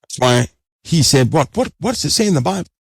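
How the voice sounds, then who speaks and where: A man's voice: a little high, big pitch swings, fairly quick, slightly rough, no echo, clean studio sound. A man preaching an urgent sermon, exhorting listeners and repeating phrases for emphasis.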